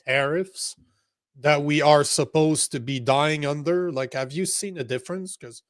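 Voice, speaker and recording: A young man co-hosts a loose political talk show, blunt and foul-mouthed, rambling as he calls out names from the chat. His voice sits a little high, and the recording is dry and close. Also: steady tone, unhurried, no room sound. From Canada. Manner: blunt, profane and rambling, talks to live chat. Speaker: podcast co-host.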